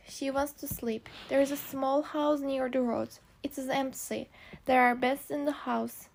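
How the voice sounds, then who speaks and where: A woman with a high voice and a gravelly edge reads a storybook for language learners. She takes each short, simple sentence plainly and carefully, one at a time. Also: a little mellow. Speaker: narrator. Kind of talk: graded reader narration for learners.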